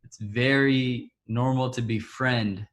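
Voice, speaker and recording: A man's voice: mid-range voice, steady tone, slow, fairly bright tone. A man telling a personal story at a church gathering, stopping often for fillers and restarts. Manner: hesitant, full of fillers and restarts. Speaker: church guest speaker.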